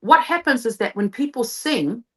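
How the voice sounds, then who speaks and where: A woman's voice: fairly high pitch, expressive, moderate pace. A woman who is a vocal coach and singer, explaining her method in a live interview and breaking into short sung demonstrations. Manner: enthusiastic explaining, sings short demo phrases.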